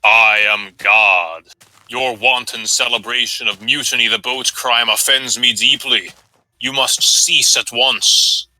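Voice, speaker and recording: A man voicing a wrathful male God, speaking slowly and commandingly over a voice chat call. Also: mid-range voice, steady tone, pushed and bright, no room sound, pitched below the performer's own voice, low-quality recording. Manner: slow, drawn-out, commanding.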